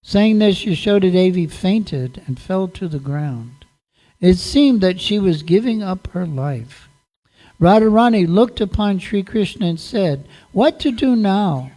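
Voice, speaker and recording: A man narrating a devotional story at a religious festival talk, in deliberate, measured phrases. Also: high-pitched, animated, dark tone. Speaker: monk telling a devotional story.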